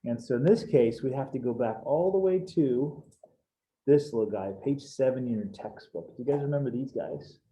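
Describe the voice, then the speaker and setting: A man teaches an algebra lesson with casual, upbeat energy, tossing in slang as he walks through each step. His voice is deep-toned and mellow. The sound is roomy and echoey, with a faint hiss of noise underneath. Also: normal speed. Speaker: math teacher. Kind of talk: live algebra class over video call.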